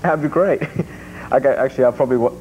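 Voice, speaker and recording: A man's voice: medium pitch, quick pace, a little mellow. A man co-hosting a casual morning radio show, joking around and laughing often. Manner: jokey, tells gags, laughs often. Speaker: radio co-host. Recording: dull radio audio with faint hiss.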